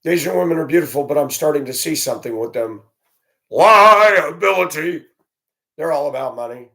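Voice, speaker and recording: A man delivers a solo vlog monologue, indignant and blunt. He rants straight to camera in an average-pitched voice. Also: quick pace, darkish tone. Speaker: vlogger.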